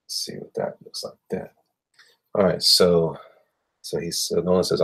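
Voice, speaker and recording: A man talks casually with his viewers as he draws, rambling and muttering to himself between thoughts. His voice is low, gravelly and husky, yet lively in pitch. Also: normal speed. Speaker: artist livestreaming while drawing. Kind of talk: casual chat while drawing.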